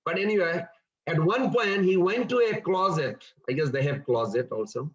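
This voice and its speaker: A man's voice: a little high, expressive, normal speed, dull audio. A man giving a scripture class in an earnest, explanatory storytelling manner. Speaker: scripture teacher.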